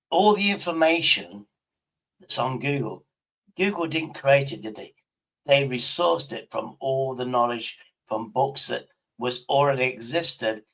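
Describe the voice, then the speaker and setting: A man's voice: mid-range voice, fairly bright tone, husky, rough recording. A man from Derbyshire with a Derbyshire accent, a tipsy stream host rambling and swearing in casual chat. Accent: Derbyshire English. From Derbyshire, England.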